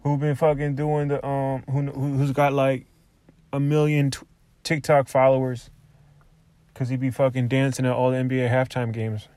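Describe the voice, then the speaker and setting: A man's voice: medium pitch, little pitch movement, moderate pace, mellow, clear, resonant tone, no echo. A young adult man, a comedian hosting a podcast, bantering loosely, swearing freely and often restarting his sentences.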